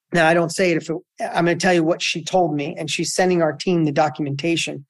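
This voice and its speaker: A middle-aged man, a guest entrepreneur, telling a story in a conversational interview, energetic and full of restarts and repeats. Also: on the high side, fast talker.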